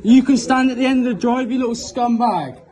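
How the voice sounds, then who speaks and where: A man's voice: extremely high pitch, brisk, darkish tone. A man standing at his house, taunting and insulting visitors in a heated confrontation.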